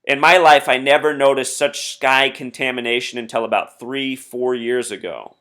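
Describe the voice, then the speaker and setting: A man's voice: medium pitch, steady tone, moderate pace, bright, forceful tone. A man hosting a solo commentary video, earnestly explaining number codes and reading out quotes. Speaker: conspiracy video host.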